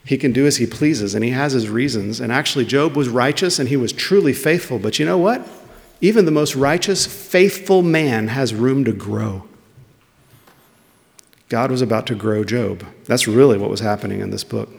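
A man's voice: medium pitch, normal speed, vocal fry. A man preaching a sermon in a conversational way, putting questions to his listeners. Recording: long reverb of a large hall.

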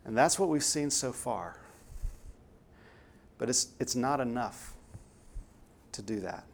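An earnest man preaching a sermon at an ordinary middle pitch. He leans hard on the words he wants to land and pushes the point home. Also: expressive, takes it slowly. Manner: earnest, emphatic, rising to stress key words.

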